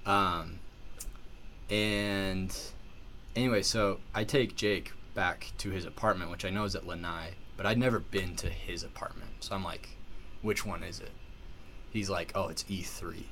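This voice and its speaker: Man, lowish voice, rambling casual storyteller, faint hiss behind. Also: a little slow. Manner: animated, filler-heavy storytelling with many "like"s. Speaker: podcast guest telling a story.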